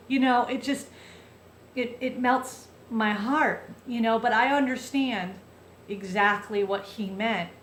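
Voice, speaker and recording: A woman's voice: fairly high pitch, slow, a bit bright, roomy sound, a little hiss or hum. A woman vlogger telling a heartfelt personal story in a chatty, casual way, full of fillers and restarts.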